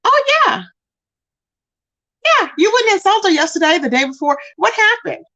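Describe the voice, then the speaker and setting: A woman hosting a livestream, chatting in a sassy, drawn-out way, greeting viewers and gossiping straight to her chat. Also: extremely high pitch, expressive, pushed and bright. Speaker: livestream host. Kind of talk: casual gossip commentary.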